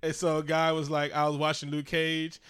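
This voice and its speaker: Bright, animated podcast co-host man. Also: on the high side, a little fast, smooth. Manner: animated, laughing, swearing freely. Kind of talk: casual chat.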